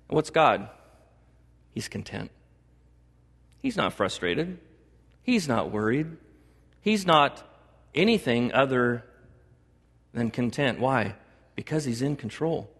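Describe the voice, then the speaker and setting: A middle-aged man preaching a sermon to a congregation as pastor, animated, joking and acting out little dialogues. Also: unhurried, pauses often, slightly rough, in a large hall. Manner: animated, acts out dialogue with God in a higher voice; jokes and laughs with the congregation.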